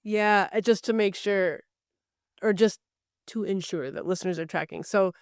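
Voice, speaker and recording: Middle-aged woman podcast guest, articulate and reflective, smooth resonant voice, dry close mic. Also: mid-range voice, moderate pace, dry recording. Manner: thoughtful, articulate, laughs easily. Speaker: guest, recording artist. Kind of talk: podcast interview conversation.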